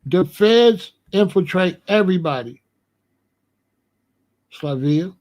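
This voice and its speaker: Hosting a live call-in show on a casual live stream, a man with a voice that sits high for a man speaks slowly. Still animated, he laughs between points and greets viewers by name.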